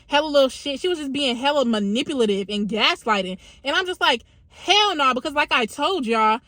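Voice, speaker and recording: A young woman with a slightly high voice tells a story to her viewers. Her delivery is casual, full of slang and swearing. The recording is dry and close. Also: expressive, brisk, a bit bright, no echo. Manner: slangy, profane, conversational retelling. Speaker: vlogger.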